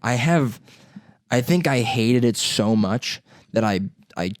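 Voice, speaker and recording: A man's voice: mid-range voice, expressive, slow pace, dry recording, clean studio sound. A young man telling profane, rambling stories in a casual podcast chat. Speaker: podcast host.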